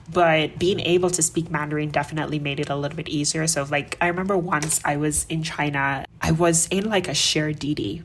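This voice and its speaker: A woman from Jamaica, a podcast guest, telling animated stories with laughter and acted-out voices. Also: low-pitched, slight background noise. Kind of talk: casual storytelling.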